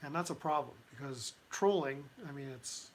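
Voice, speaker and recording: A man hosting a casual commentary livestream, talking in a halting way with many restarts and fillers. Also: mid-range voice. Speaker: livestream host.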